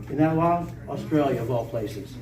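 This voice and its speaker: A man's voice: mid-range voice, moderate pace, creaky, crowd noise. A man telling folksy stories to a live conference audience, chuckling and acting out phone calls. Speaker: conference speaker. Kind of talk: storytelling talk to a live audience. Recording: echoey room, far from mic, faint noise.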